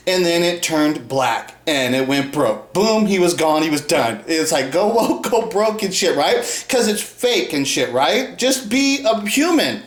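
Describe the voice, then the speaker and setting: A man's voice: animated, unhurried, few pauses. Rambling, profane man in an echoey room. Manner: rambling, profane, keeps adding "right?" and "and shit"; frequent laughs, swings between loud outbursts and low mutters. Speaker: video maker. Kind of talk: rambling monologue to camera. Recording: roomy echo.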